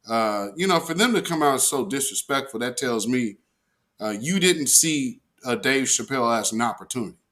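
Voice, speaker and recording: A man's voice: mid-range voice, a bit bright. A man hosting a weekly livestream, chatting casually with viewers, full of slang and fillers, and often breaking into laughter. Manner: slangy, talks straight to viewers. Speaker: host of a weekly livestream show.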